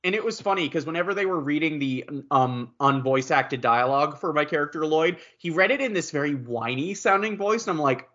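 A voice actor chatting on a podcast, animated and profane, breaking into laughter often. His voice sits a little high. The recording is dull and lo-fi. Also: brisk. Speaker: voice actor guest. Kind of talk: casual podcast chat.

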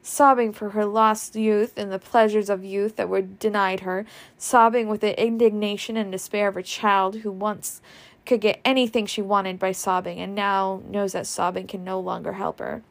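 A woman reads a classic novel aloud with a gravelly edge to her voice. She narrates expressively, shifting her tone for each character. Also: medium pitch, level tone, normal speed. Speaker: audiobook reader.

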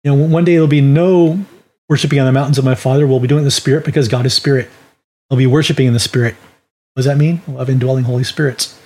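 A man's voice: mid-range voice, steady tone, rapid-fire, mellow. A man teaching a Bible lesson on sharing faith, talking in a folksy, conversational way with restarts. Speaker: ministry teacher.

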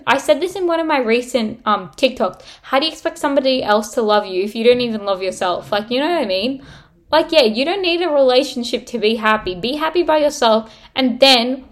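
A young woman hosting her own podcast, ranting bluntly in a casual, sweary way full of "like". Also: sits high. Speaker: podcast host. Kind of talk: casual solo podcast rant.

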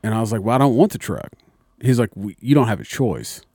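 A man's voice: on the low side, big pitch swings, fast talker, mellow, husky, dry recording, studio quality. A young man, a little tipsy, telling a long profane story in casual chat. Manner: rambling, profane storyteller, acts out voices. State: slightly tipsy.

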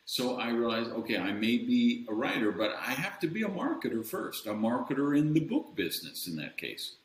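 A man's voice: mid-range voice, big pitch swings, brisk. A man speaking as an interview guest, candid and self-deprecating, mocking other voices now and then. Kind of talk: casual interview chat. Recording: roomy echo.

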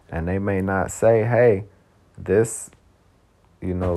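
A man's voice: low voice, gravelly. A man hosting a podcast in a casual, rambling monologue, full of "you know" and with the odd curse. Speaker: podcast host.

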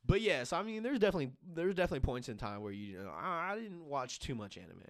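A man's voice: fairly high pitch, sing-song, racing, dry recording, studio quality. A young man chatting casually on a podcast, rambling through profane stories with lots of fillers. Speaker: podcast co-host. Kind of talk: casual chat.

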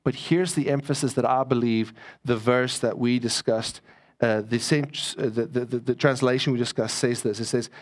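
A man's voice: medium pitch, normal speed. A man preaching a sermon as pastor, conversational and joking with his congregation.

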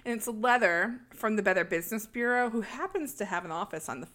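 A woman's voice: medium pitch, animated, quick pace, a bit bright. Woman, podcast co-host, casual movie recap, laughs a lot, acts out quotes.

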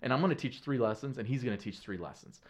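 An earnest man chats casually as a podcast guest, telling stories in a lively way. His voice sits in a middle pitch. He talks in loose, slangy phrases and often stops and restarts his sentences. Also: fast talker. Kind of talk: casual conversational storytelling.

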